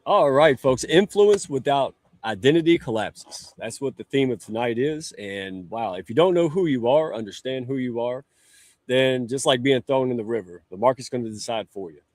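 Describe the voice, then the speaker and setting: A man's voice: medium pitch, expressive, normal speed, no echo. A man hosting a live online show, chatty and joking in a folksy way. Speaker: talk show host. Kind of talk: lively livestream hosting. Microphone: live stream setup.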